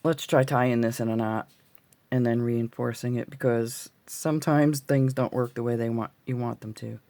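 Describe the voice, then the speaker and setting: Gravelly-voiced man teaching beadwork. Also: medium pitch, fairly even intonation, normal speed, a little mellow, no room sound. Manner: chatty, mutters to self while working. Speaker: jewelry tutorial host. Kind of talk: casual beading tutorial. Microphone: phone.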